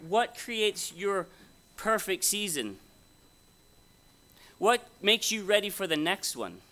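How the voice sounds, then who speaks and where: A man's voice: sits high, very animated, slow pace, pushed and bright. A man preaching a conversational, folksy sermon at a Bible conference, often asking his audience questions. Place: conference hall before an audience.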